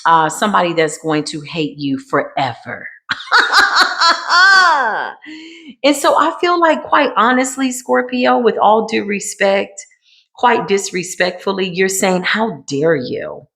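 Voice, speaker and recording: A woman's voice: medium pitch, lively intonation, normal speed, gravelly. Sassy woman reading tarot. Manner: sassy, dramatic, swings between hushed and emphatic. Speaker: tarot reader. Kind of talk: tarot card reading monologue.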